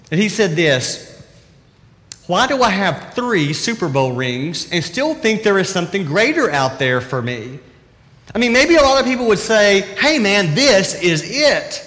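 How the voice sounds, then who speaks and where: A man's voice: high voice, a bit bright. A man preaching a sermon as a pastor, in a conversational and emphatic way with rhetorical questions. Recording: reverberant hall.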